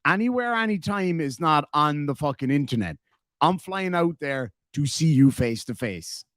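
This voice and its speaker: A man's voice: on the high side, very animated, normal speed, fairly bright tone, no echo, studio quality. Brash profane Irish man taunting. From Ireland. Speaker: streamer and host. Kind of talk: heated live-stream argument.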